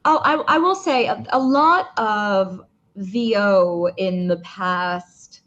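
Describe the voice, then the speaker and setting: A woman voice actor talking casually in an interview, chatty with many fillers and restarts, with a slightly rough morning voice. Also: mid-range voice, slow, fairly bright tone, dull audio. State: morning voice, clearing throat. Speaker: voice actor guest.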